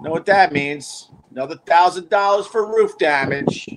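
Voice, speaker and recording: A man telling a story casually, animated and swearing as he acts out his own reactions. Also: fairly high pitch, moderate pace, noisy background. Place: house by a beach.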